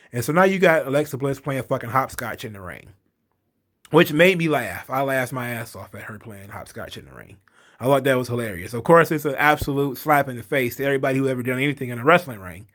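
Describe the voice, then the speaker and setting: A man's voice: mid-range voice, fairly bright tone. Profane ranting man recapping wrestling. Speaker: wrestling commentary host. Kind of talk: casual recap commentary.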